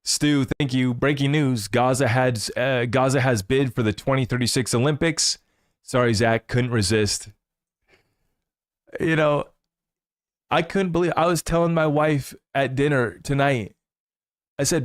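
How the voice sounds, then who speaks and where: A man hosts a casual crypto commentary stream, his pitch sitting in a middling range. He rambles with excitement and jumps between asides. The recording is dry and close, with no room echo. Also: unhurried, pauses often. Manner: excitable, rambling, laughs at the news. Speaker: crypto channel host.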